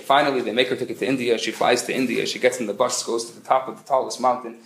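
A man who is a rabbi, giving a humorous lecture as an animated storyteller with quick joke delivery. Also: mid-range voice, a little hiss or hum. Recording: echoey room.

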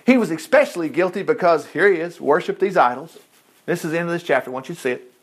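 A middle-aged man preaching a sermon, retelling scripture with lively asides and exclamations. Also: quick pace, husky. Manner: animated, swings pitch widely, asides and exclamations.

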